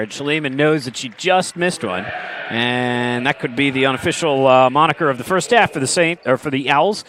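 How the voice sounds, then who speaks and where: Lively bright-voiced play-by-play man. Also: mid-range voice, slight background noise. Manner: brisk, excitable calls with wry asides. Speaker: play-by-play commentator. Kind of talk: live basketball commentary.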